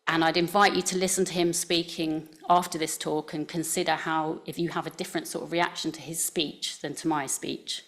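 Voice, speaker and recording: Woman presenter, near-RP accent, deep voice with vocal fry, chatty delivery with plenty of ums. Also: little pitch movement, a little fast, hardly any pauses, a bit bright. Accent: near received pronunciation English. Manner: conversational, with frequent fillers. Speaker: speaker giving a talk to scientists. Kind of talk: presentation talk. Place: talk venue.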